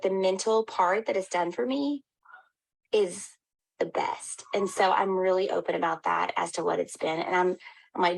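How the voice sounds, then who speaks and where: An upbeat woman in her thirties coaching her team, cheering them on with lots of "y'all". Her voice has a gravelly fry at the ends of phrases, and her pitch sits in a mid register. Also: poor audio. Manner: upbeat, encouraging, addresses listeners as y'all. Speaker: health coach. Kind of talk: motivational team call.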